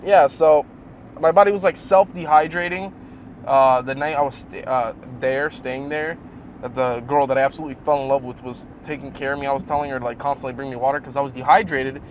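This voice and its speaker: A young man telling a casual, rambling story for his fitness vlog. He swears often and gets animated as he talks. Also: medium pitch, a little fast, slight background noise. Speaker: fitness vlogger.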